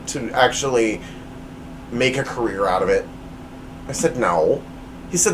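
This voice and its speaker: A man's voice: medium pitch, expressive, normal speed, long pauses, slight background noise, rough recording. A man hosting his own podcast, telling a personal story in a rambling, self-deprecating way with lots of fillers and restarts, recorded at home. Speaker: podcast host.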